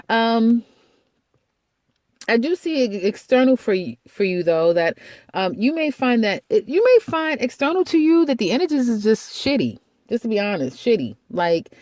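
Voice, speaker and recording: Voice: mid-range voice, darkish tone, no room sound, clean studio sound. A tarot reader giving a casual monthly reading in a chatty, rambling way, blunt and laughing at their own remarks.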